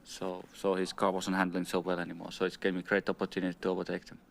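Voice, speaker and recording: Man, racing driver, very deep, gravelly, broken English. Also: completely flat delivery, fast talker, slight background noise. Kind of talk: post-race podium interview.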